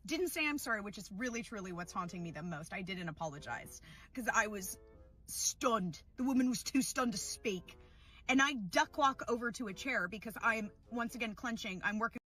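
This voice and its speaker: A woman's voice: medium pitch, expressive, moderate pace, bright, forceful tone, soft background music. A young woman telling a funny story about herself in a dramatic, self-mocking way. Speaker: storyteller in a played clip. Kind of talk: comedic storytelling.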